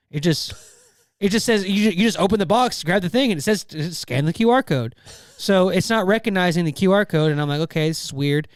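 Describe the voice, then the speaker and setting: A podcast co-host tells stories in a loose, meandering way, full of "um" and "like" and self-corrections. His voice is a little high and very smooth, and it is recorded close and dry. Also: no room sound. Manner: rambling storyteller, frequent fillers and restarts. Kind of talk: casual chat.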